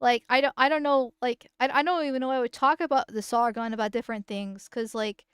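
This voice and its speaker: A woman's voice: a little high, steady tone, fairly quick, clear, resonant tone, no echo, clean studio sound. A woman streamer chatting casually on a live stream while reacting to a video, rambling, giggling and swearing freely. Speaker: VTuber streamer.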